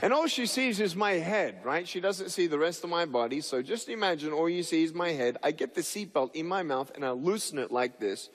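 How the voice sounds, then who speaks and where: Animated man telling funny stories. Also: fairly high pitch, fairly quick, hardly any pauses, big-room sound. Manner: animated, acts out the people in his stories with big voice jumps. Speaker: motivational speaker. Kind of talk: humorous storytelling talk.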